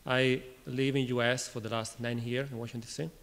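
A man from Italy with an Italian accent gives a technical conference talk in a halting way, restarting phrases and questioning the audience. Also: mid-range voice, little pitch movement, fairly bright tone. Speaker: conference speaker. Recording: reverberant lecture hall.

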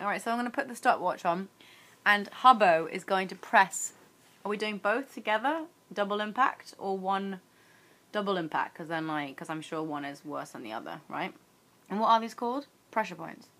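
A woman's voice: mid-range voice, animated, normal speed, a bit bright. A young woman chatting casually on her daily challenge vlog, teasing her husband and giggling a lot. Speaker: vlogger.

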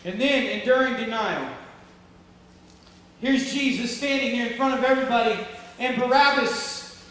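A man preaching a sermon to his church, emphatic and full of rhetorical questions, swinging between loud peaks and hushed stretches. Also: very high-pitched, moderate pace. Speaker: pastor. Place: church sanctuary. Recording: echoey hall from far off, faint noise.

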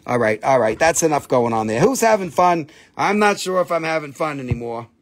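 A man's voice: on the high side, sing-song, a little fast. A man selling crystals on a live stream, joking with crude asides and crooning over the stones. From Appalachian Valley, United States. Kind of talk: casual live sales chat.

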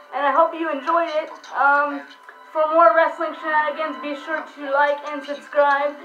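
A young woman with a high voice reacts to a wrestling match, gushing and swearing with excitable emotion. Her voice rings around an echoey room on a dull, lo-fi recording, with the broadcast's music and sound playing behind her. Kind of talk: excited live reaction commentary.

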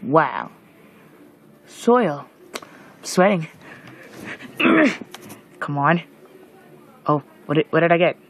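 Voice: mid-range voice, very animated, very slow, long pauses, a bit bright. A gamer giving casual let's-play commentary, jumpy and shrieking at monsters while muttering asides in between. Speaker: gameplay commentator.

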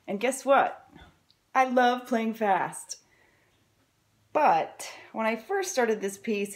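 A woman's voice: a little high, animated, slow pace, long pauses, background noise. A woman violin teacher giving a friendly, encouraging lesson to camera, explaining step by step in an upbeat way.

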